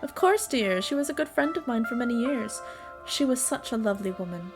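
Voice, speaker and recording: A woman's voice: fairly high pitch, expressive, fairly quick, over music. A woman voicing a gracious older woman who keeps a cozy herb-filled home, speaking with sweet, old-fashioned politeness. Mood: soothing. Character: gracious older woman, a small-town herbalist hostess.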